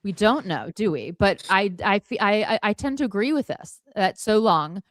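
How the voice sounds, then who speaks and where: A woman's voice: mid-range voice, expressive, moderate pace, no room sound. A woman co-hosting a casual livestream chat, rambling and emphatic, full of fillers and restarts, swearing casually. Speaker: podcast co-host.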